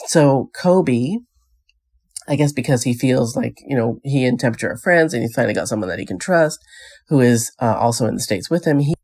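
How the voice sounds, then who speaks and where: A woman with an extremely low, darkish voice hosts a casual vlog recapping reality TV. She rants through exasperated, scoffing rhetorical questions and rambles, restarting often.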